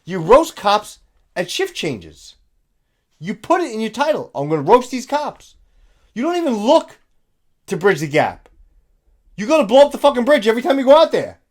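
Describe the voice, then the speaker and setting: A man's voice: very high voice, very animated, normal speed, long pauses. Blunt, profane New man lecturing. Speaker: commentator reacting to a video. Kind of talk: reaction commentary.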